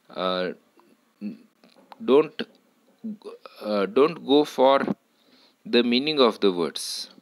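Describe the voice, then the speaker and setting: A man teaching a lesson on word stress, speaking deliberately, repeating words and correcting himself as he goes. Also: on the low side, a bit bright, dry recording.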